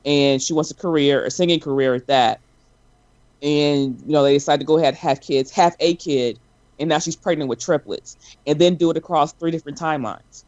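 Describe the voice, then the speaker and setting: A man co-hosting a casual chat about a TV show, animated and emphatic. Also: a little fast, no room sound, highs cut off. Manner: animated, acts out sobbing at a high pitch. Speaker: podcast co-host.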